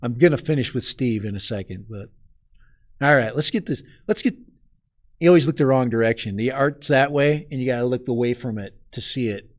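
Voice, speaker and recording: A man's voice: medium pitch, a little fast. A man from Minnesota hosting a live stream outdoors in the cold, chatting casually and rambling as he talks straight to his viewers.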